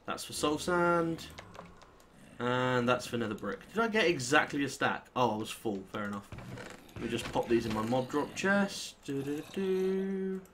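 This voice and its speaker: A young British man with a British accent, chatting and swearing casually as he plays through a modded game, with sudden excitable outbursts. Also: mid-range voice, moderate pace, a little hiss or hum. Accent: British English. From Britain. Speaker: gaming channel host. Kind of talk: casual Let's Play commentary.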